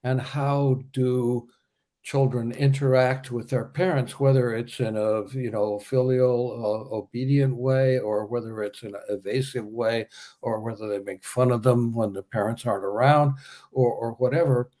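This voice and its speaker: An older man interviewing a guest in a relaxed, conversational way, with filler pauses. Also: medium pitch.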